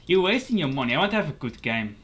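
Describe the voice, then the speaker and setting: A man giving casual live commentary over his own gameplay, excitable and quick to swear and laugh at his plays. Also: on the high side. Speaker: gaming YouTuber.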